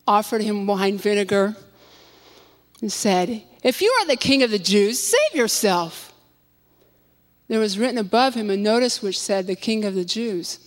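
A woman giving a dramatic scripture reading. She drops to a near whisper on the quiet lines. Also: medium pitch. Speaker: scripture reader. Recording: long hall reverb.

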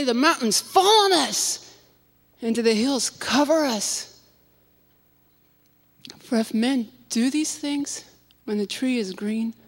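Woman reading scripture in a reverberant hall. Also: a little high. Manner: dramatic, drops to a near whisper on quiet lines. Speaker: scripture reader.

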